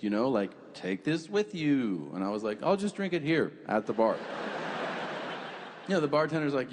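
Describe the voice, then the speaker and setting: A young man performing a stand-up comedy set, telling a story with profanity and acting out the other people in it. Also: mid-range voice. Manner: animated storytelling, acts out quoted voices, profane. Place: comedy club stage. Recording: reverberant club with faint room noise.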